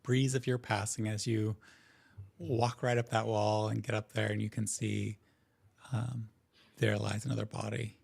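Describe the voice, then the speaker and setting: A man narrating as game master in a tabletop game, relaxed and easygoing, with frequent hesitant fillers. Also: on the low side, normal speed, creaky, slightly rough.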